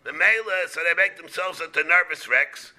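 Bright-voiced rabbi giving a Talmud class. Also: male voice, on the high side. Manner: halting, repeats words, mixes Hebrew and Aramaic terms into English.

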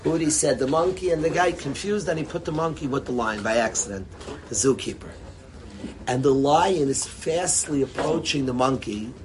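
A man telling a joke and drawing a lesson from it, in a lively, rambling way and sprinkling in Yiddish words. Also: medium pitch, moderate pace, slight background noise. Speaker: storyteller and speaker. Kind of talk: animated storytelling talk with a lesson.

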